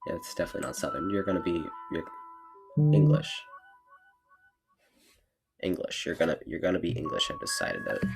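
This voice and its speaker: Sick-voiced gamer, low and lively. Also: rapid-fire, gravelly, hardly any pauses, faint music behind. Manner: joking, rambling, reads game text aloud. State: sick, voice deeper than usual. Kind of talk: let's play commentary.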